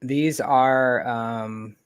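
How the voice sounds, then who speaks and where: A clean-toned, medium-pitched man hosts his knife channel's casual livestream from near a desk mic. His talk drifts easily, broken by pauses, fillers and unfinished remarks.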